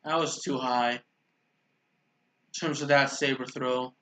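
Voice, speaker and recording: A man's voice: mid-range voice, steady tone, a little slow, sharp tone. A man giving casual, rambling commentary over a video game, often stopping to correct himself and stuttering. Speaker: gaming YouTuber. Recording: roomy echo.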